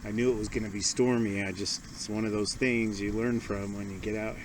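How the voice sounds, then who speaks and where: A man casually narrating an outdoor vlog from a stormy campsite, explaining each step with small asides in a relaxed, chatty way. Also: on the low side, a little fast, noisy background. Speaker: outdoor vlogger.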